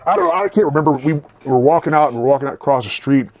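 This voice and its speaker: A man's voice: mid-range voice, lively intonation, very fast, gravelly, darkish tone. A man in his forties telling rambling, profane stories about record stores in a casual way. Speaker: vlogger and record collector. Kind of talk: casual storytelling.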